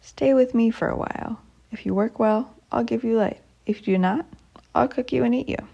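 A fearsome old storybook witch who barks orders and threatens to eat whoever fails her, put on by a woman reading aloud. The voice is gravelly and husky, with a dark tone. She sounds commanding and cold. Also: fairly high pitch, normal speed, muffled recording. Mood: threatening.

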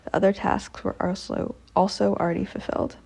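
A woman storyteller whispers a folk tale aloud at a measured, steady pace. Her medium-pitched voice is dark and mellow, with a gravelly, husky texture.

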